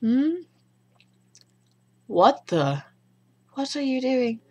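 A woman commenting on a horror video game in a high, bright and sharp voice. Her pitch leaps widely as she reads the characters' lines aloud. She swears casually and breaks into startled yelps. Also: very animated, normal speed, long pauses. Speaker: let's play host.

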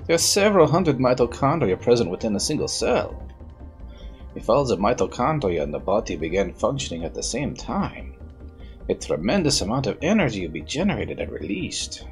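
A man's voice: medium pitch, very animated, moderate pace, faint music behind. A man voicing an eccentric older male scientist with a put-on German-Russian accent, lecturing theatrically.

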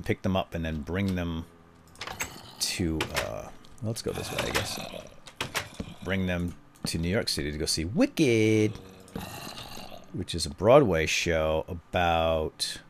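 A man in his thirties chatting casually while he plays a video game, telling family stories with jokey asides. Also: low-pitched. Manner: chatty storyteller, jokey asides, playful pretend salesman banter. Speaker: gaming video host.

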